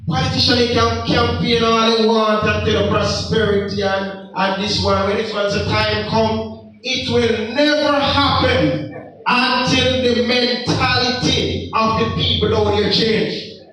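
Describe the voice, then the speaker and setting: Jamaican guy lecturing young folks, real high voice, big echo and kinda far off from the mic. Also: flat delivery, takes it slowly, bright, forceful tone. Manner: preachy, emphatic, rhetorical questions. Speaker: speaker addressing young people. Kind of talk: impassioned motivational talk.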